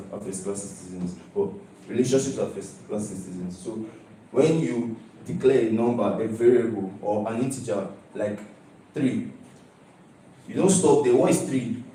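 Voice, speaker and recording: A young man from Nigeria presents his student project in a mellow, relaxed voice. He stresses his points and repeats them, often checking in with his listeners. He sounds far from the mic in a very echoey hall. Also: lowish voice, a little hiss or hum. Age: young adult. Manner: emphatic, repeats key phrases, keeps asking "do you understand?". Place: large lecture hall. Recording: echoey hall, heard from a distance.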